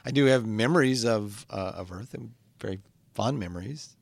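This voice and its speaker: A man's voice: lowish voice, gravelly, slightly rough, dry recording. A man playing a comedy podcast host stuck in a hell studio, earnest and easily flustered. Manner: earnest, flustered, quickly excitable. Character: man trapped in a hell podcast studio, cheerful and put-upon. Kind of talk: improvised comedy sketch.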